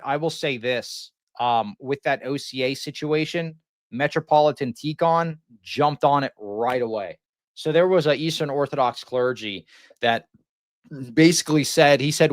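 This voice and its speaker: A man hosting a live stream, talking off the cuff in a rambling, mocking way and restarting his sentences. His voice sits in a middle range and sounds close and dry, with no room echo. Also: mid-range voice. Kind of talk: casual live-stream commentary.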